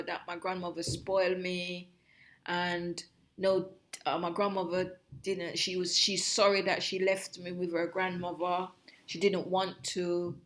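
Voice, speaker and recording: A middle-aged woman shares her memories in an interview. She talks in a reflective, halting way, often cutting off a word and starting the phrase again. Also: fairly low pitch. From Jamaica. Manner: reflective, halting, breaks off and restarts mid-phrase. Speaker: guest, host's mother. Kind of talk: personal storytelling.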